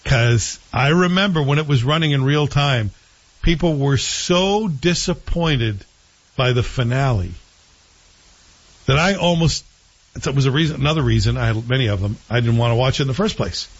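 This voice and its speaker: A man's voice: mid-range voice, moderate pace, breathy edge, muffled recording. A male host chatting casually and with strong opinions, rambling and correcting himself as he goes. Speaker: show host reviewing TV series. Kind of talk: casual chat.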